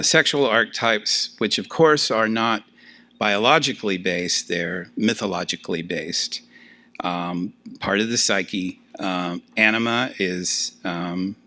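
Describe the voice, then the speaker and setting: Older man, professor, class lecture, low voice, bright tone, chatty with fillers. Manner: conversational, many fillers, animated asides.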